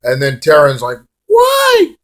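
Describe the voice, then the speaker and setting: A man's voice: mid-range voice, fairly even intonation, normal speed. A man giving a casual, rambling, sarcastic vlog review of a wrestling show, swearing freely.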